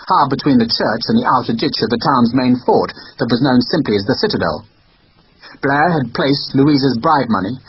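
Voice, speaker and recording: A man narrating an audiobook in an expressive storytelling manner. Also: mid-range voice, a little hiss or hum. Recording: dull lo-fi recording.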